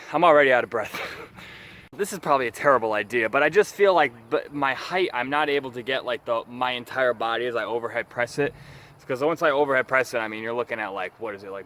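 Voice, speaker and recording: A man's voice: medium pitch, pushed and bright. A man talking casually to a camera in an outdoor backyard gym, rambling and self-deprecating about his homemade workout gear. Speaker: home workout vlogger.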